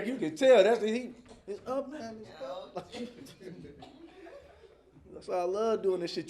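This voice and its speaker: A male stand-up comedy host, loose and profane, slipping into animated voices for his bits. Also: high voice, a little slow, long pauses.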